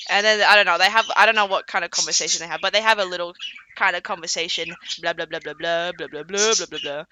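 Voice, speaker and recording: A woman's voice: lowish voice, fairly even intonation, fast, background noise. A woman streamer retelling a story in a rambling, casual way, repeating herself and swearing.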